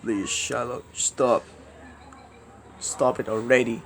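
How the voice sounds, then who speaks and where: A man making a rambling direct-to-camera plea, repetitive and halting, swinging between loud outbursts and mumbling. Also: medium pitch, flat delivery, creaky, a little hiss or hum. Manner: halting, restarts words often. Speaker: video creator.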